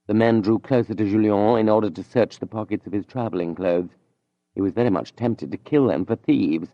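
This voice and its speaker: A man narrating an audiobook in a measured, even storytelling manner. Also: on the low side, dry recording, highs cut off.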